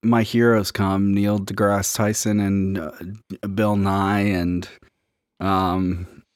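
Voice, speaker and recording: A man co-hosting a podcast in casual chat, rambling and halting with lots of fillers. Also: low voice, little pitch movement, clear, resonant tone, dry recording, studio quality. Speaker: podcast co-host.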